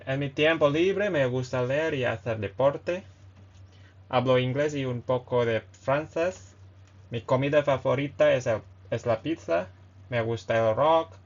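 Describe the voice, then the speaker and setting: A man hosting a casual beginner language lesson, who reads short phrases, translates them and explains with hesitant fillers and self-corrections. The audio is dull and lo-fi. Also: medium pitch. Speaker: Spanish lesson host.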